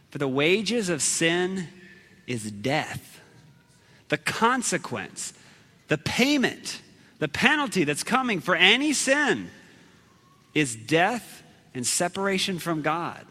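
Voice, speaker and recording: Male preacher, high lively voice, animated storyteller, long hall reverb. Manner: animated, dramatic storytelling with sudden shouts. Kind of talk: storytelling sermon.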